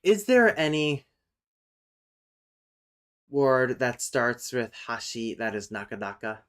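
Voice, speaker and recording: Casting note: a man hosting a relaxed livestream, halting and off the cuff, average pitch. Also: clean tone. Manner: thinks aloud, pauses and restarts, sudden loud calls to his cat. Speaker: streamer. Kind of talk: casual livestream chat and explanation.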